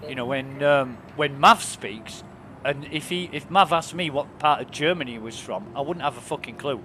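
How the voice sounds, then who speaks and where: Here a man talks casually and with enthusiasm as he streams a game, cursing without restraint. The voice is medium-pitched and sharp in tone at a normal speed, with a little hiss or hum in the recording.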